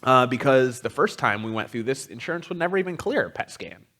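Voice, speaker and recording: A man's voice: medium pitch, big pitch swings, a little fast, fairly bright tone. A man giving a personal storytelling talk as a guest teacher, speaking candidly and conversationally, with frequent ums. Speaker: guest teacher at a spiritual community.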